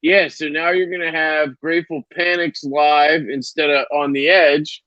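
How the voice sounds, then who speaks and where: A man's voice: fairly high pitch, flat delivery, unhurried, sharp tone, no room sound, muffled recording. A man hosting a casual live stream and signing off, loose and profane, with plenty of ums and restarts.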